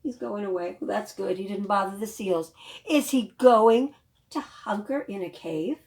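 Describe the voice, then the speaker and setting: A woman librarian leading a children's storytime, reading a picture book aloud with animated questions to the young listeners. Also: medium pitch, measured pace. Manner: animated, questions to the children, gasps and sing-song.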